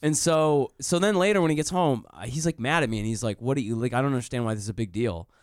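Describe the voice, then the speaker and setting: A man's voice: mid-range voice, fast, no room sound, clean studio sound. A male comedian telling a story on a podcast, swearing freely and breaking into laughs as he goes. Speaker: comedian guest.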